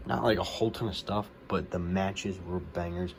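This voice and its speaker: A low-voiced man recaps a wrestling show for his vlog in a loose, rambling way, full of "like" and "um." He gets more worked up as the action heats up. Clear background noise runs under the whole recording. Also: normal speed. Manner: rambling, many fillers, gets excited at big moments. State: hiccups.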